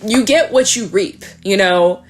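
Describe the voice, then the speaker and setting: A woman giving a casual tarot reading, talking quickly in a chatty way, often swearing and laughing. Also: mid-range voice. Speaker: tarot reader.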